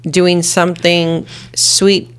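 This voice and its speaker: A woman's voice: fairly low pitch, little pitch movement, slow pace, clean tone. A woman co-hosting a casual podcast, explaining people's motives on a reality show. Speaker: podcast co-host.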